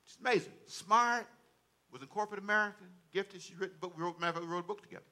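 A man's voice: high-pitched, rapid-fire, sharp tone. A male pastor preaching a sermon in church to a congregation, with folksy, repetitive phrasing and call-and-response.

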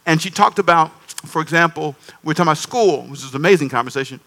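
A man's voice: a little high, fast, creaky, bright, forceful tone. A man preaching a sermon emphatically, repeating phrases and calling on the congregation. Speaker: pastor.

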